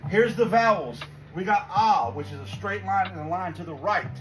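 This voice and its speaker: A man giving a quick language lesson, reassuring and encouraging as he explains. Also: high voice, animated, poor audio. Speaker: language teacher. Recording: music playing behind.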